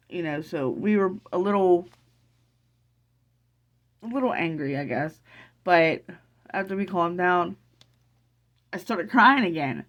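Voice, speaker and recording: A middle-aged woman in an emotional casual vlog, excited and teary, rambling with many restarts. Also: lowish voice, highs cut off. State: teary from crying. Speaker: vlogger.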